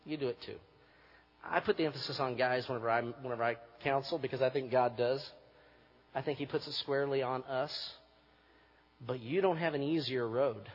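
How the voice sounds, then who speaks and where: A man preaching a sermon as pastor, moving from quiet reflection to forceful emphasis. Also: mid-range voice, fairly quick, husky. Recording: muffled recording with long hall reverb.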